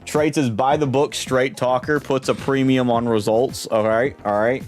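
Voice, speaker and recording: A man's voice: mid-range voice, steady tone, moderate pace, darkish tone. Young male streamer, rambling, amused commentary, faint game music underneath. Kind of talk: casual gaming commentary.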